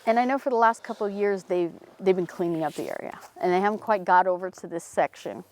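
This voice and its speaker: Talking fast amid slight background noise, a woman on a paranormal team casually tells a local story in a cemetery. She's animated throughout, acting out the quoted voices in a higher pitch.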